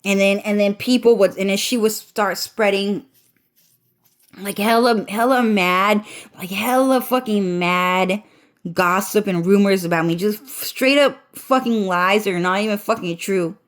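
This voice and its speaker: Woman ranting a storytime, swears nonstop, stuffy nose, mid pitch, just keeps going and then and then. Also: measured pace. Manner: profane, repetitive, chains "and then". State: stuffy, congested voice. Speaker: vlogger. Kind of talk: rambling storytime rant.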